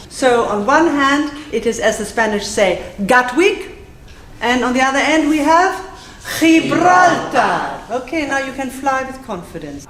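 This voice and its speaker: Lady teaching a class live, kinda high voice, jokey, echoey room w faint hum behind. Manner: playful, self-mocking, drills phrases slowly then fast. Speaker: Spanish teacher. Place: classroom with audience.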